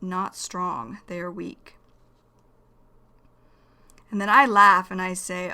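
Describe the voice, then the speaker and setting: A woman teaching English vocabulary in a slow, careful lesson, repeating each key phrase. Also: fairly low pitch, fairly even intonation, creaky, sharp tone.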